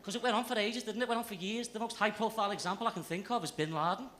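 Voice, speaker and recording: A man's voice: high voice, very fast, fairly bright tone, slight background noise. A young man with a Liverpool accent doing a stand-up set on a comedy club stage, brash and sweary in his storytelling. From Liverpool area, England. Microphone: stage mic.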